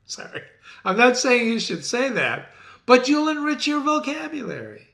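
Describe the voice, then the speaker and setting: With a very high voice and some vocal fry, this middle-aged literature teacher and website host speaks slowly to his channel's viewers. He's animated and theatrical, full of enthusiasm, and calls his audience ladies and gentlemen.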